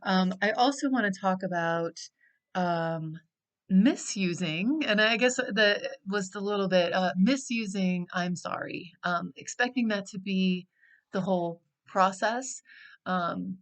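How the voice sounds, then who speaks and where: A middle-aged woman who works as a life coach gives an unscripted teaching talk in a mid-range voice. She speaks slowly and reflectively, pausing often and using plenty of fillers.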